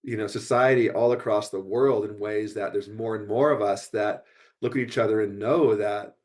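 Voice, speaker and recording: A man's voice: on the low side, fairly even intonation, normal speed, darkish tone. An American man speaking as a podcast guest in an earnest, flowing way. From United States. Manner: earnest, flowing, many "you know" fillers. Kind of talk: casual conversational podcast.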